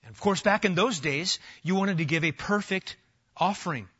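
A man preaching an animated sermon in a church, acting out quoted voices as he goes. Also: high voice, normal speed, husky. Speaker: pastor. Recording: dull lo-fi sound.

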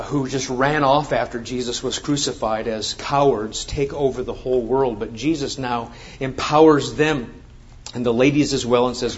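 A man preaching a sermon, reading scripture and then explaining it with emphatic, rising exclamations. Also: medium pitch. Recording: dull lo-fi sound.

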